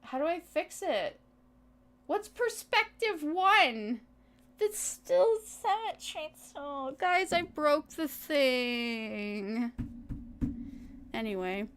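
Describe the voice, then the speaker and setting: A woman's voice: high-pitched, very animated, very slow, a bit bright, a little hiss or hum. A young woman streaming as a VTuber, rambling in casual chat to her viewers with exasperated asides and frequent laughs.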